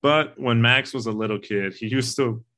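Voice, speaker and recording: Guy chatting about a movie, bright forceful voice, kinda rambly and earnest, swears a bit. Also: medium pitch, moderate pace. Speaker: podcast co-host. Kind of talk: casual movie discussion.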